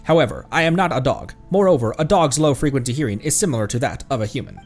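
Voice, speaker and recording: A man reading the lines of a calm, formal robot dog companion from a game. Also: mid-range voice, quick pace, soft background music. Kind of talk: game dialogue read aloud on stream.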